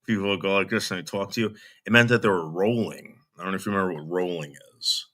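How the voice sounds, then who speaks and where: This streamer's reaction commentary is blunt and scornful, aimed straight at the person in the clip. His deep voice has a fairly bright tone, and he talks fast.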